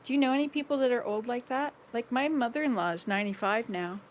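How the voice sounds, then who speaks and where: Walking around her home, a woman in her sixties rambles in a casual vlog, playful and laughing at her own mistakes. She talks fast in a fairly high voice, with a bit of hiss or hum in the recording.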